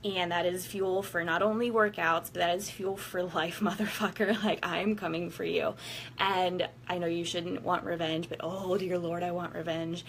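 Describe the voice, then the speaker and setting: A woman's voice: lowish voice, level tone, moderate pace, a little hiss or hum. Blunt, profane woman vlogger. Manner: blunt and profane, laughing often, acting out quotes. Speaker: vlogger giving workout motivation. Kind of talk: casual candid monologue to viewers.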